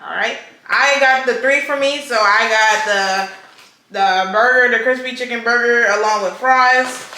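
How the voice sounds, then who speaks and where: A woman hosting a casual mukbang chat, talking in a relaxed way with frequent fillers. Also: a little high, a little slow. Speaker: host. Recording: roomy echo, faint noise.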